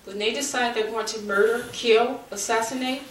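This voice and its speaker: A middle-aged woman giving heartfelt public testimony at a community forum, speaking earnestly and haltingly, at times turning forceful. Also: a little high, fairly even intonation. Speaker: bereaved mother speaking at a forum. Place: community meeting room. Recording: echoey room, from far off, faint noise.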